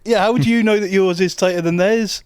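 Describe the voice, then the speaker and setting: A man's voice: high-pitched, steady tone, fairly quick, darkish tone, clean tone. A man on a comedy podcast, delivering hammy, theatrical sketch lines and banter. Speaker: podcast co-host.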